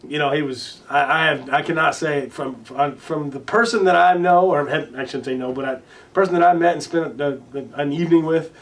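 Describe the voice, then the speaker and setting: A man being interviewed as a guest, telling stories casually, with many restarts and fillers, now and then swearing and loudly acting out what others said. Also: a little high, a little fast, far from the mic. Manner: swears casually and acts out quoted lines loudly. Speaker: interview guest, recording artist. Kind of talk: casual storytelling in conversation.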